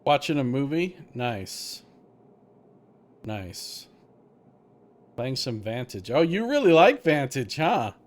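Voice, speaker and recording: A man's voice: medium pitch, slow, long pauses. Chatty man streaming a game. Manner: relaxed and chatty, answers viewers, hedges with "like". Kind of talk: casual live-stream commentary.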